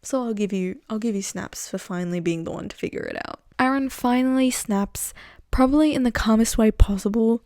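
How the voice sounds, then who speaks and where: A young woman talks through a recap in a loose, chatty way, swearing freely and tossing in wry asides. Her voice sits a little high and has a mellow, warm tone. The sound is close and dry, with no room around it. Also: dry recording. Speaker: series recap commentator. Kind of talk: casual recap narration.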